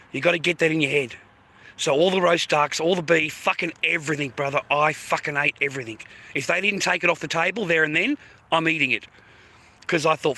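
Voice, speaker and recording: A man's voice: a little high, creaky, sharp tone, a little hiss or hum. A middle-aged man giving coarse, swearing, emphatic advice to other men in a blunt monologue.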